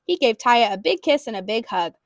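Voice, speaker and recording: A woman reading a children's storybook aloud in an expressive way. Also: a little high, fairly quick, no room sound, studio quality. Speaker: storybook reader.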